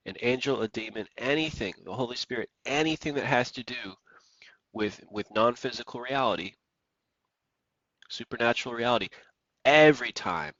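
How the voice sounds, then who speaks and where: A man's voice: lowish voice, fairly bright tone, no room sound, lo-fi sound. A man preaching on the radio, emphatic and repeating phrases for stress. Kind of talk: preaching monologue.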